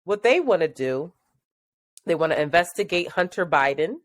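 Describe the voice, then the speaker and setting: A woman co-hosting a podcast in casual chat, animated and laughing as she talks. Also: sits low, normal speed, no room sound, clean studio sound. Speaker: podcast co-host.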